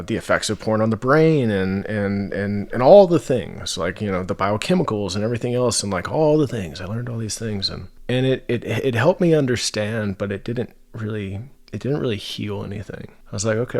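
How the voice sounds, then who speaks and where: Man, thirties, low voice, podcast guest, candid personal story, earnest and emotional, restarts a lot. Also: a little mellow. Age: 30s.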